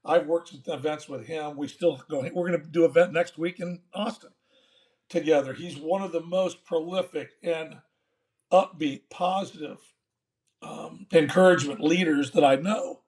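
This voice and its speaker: A man's voice: on the high side, moderate pace. Folksy older man telling a story. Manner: folksy, animated storyteller acting out dialogue. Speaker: guest, former baseball manager. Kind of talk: storytelling interview.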